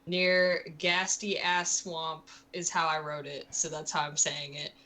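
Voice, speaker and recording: A woman at a tabletop game session, talking slowly with a bright, forceful tone. She chats casually, giggles a lot and drops the odd swear word as she reads out her notes. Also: low voice, level tone. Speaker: player. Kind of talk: casual tabletop play chat.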